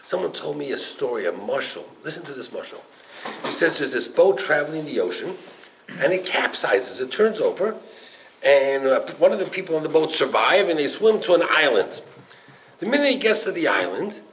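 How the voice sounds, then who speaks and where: A man, a rabbi, teaching a Torah class, acting out parables and swinging from loud exclaiming to near-whispers. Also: sits high, lively intonation, fairly quick, a little hiss or hum, poor audio. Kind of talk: animated Torah class storytelling.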